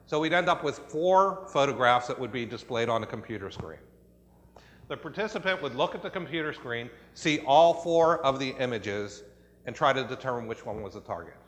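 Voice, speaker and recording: A man with an American accent walks a conference audience through a study, his voice sitting in an ordinary middle pitch. He explains patiently, pausing on fillers and restarting sentences. His voice rings with the long reverb of a conference hall. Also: fairly bright tone. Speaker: conference presenter. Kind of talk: presenting research at a conference.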